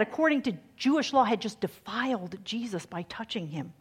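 Woman preacher, husky tone, shifts from hushed near-whispers to strong emphasis. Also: medium pitch, expressive, normal speed, hardly any pauses. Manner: dramatic, swings from hushed to emphatic. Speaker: speaker giving a faith talk. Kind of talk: sermon.

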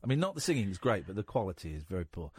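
A middle-aged man hosting a phone-in radio show, teasing and sarcastic, quick to cut callers off. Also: deep voice, very animated, breathy edge. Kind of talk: casual radio banter.

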